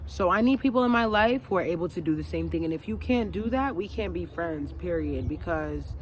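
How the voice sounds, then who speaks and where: A woman's voice: lowish voice, expressive, a little fast, a little hiss or hum. Emphatic woman vlogger giving life advice. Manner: emphatic, repetitive, preachy. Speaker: lifestyle vlogger. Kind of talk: casual motivational talk to camera.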